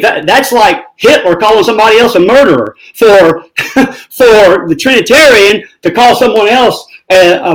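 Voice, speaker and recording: A man's voice: high voice, poor audio. A man in a debate, giving emphatic, sarcastic rebuttals. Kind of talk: heated debate.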